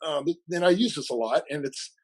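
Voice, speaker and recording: A man's voice: a little high, brisk, low-quality recording. A man being interviewed as a coach, chatting casually and animatedly, acting out bits of dialogue and laughing often. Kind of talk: casual conversational storytelling.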